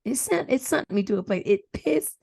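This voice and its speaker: A woman co-hosting a casual podcast, talking in an animated, profane way and slipping into mimicked voices. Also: medium pitch, moderate pace, gravelly, husky, dry recording. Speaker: podcast co-host. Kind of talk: casual chat.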